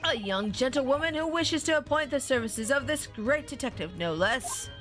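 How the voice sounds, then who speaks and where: A woman's voice: high voice, lively intonation, normal speed, fairly bright tone, faint music behind. A woman voicing a pompous, eccentric male detective in a video game, speaking in a theatrical, grandiose way.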